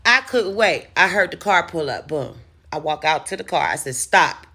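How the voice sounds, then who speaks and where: A woman vlogger telling a personal story casually, animated and profane, acting out the dialogue. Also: on the low side, normal speed, gravelly, husky.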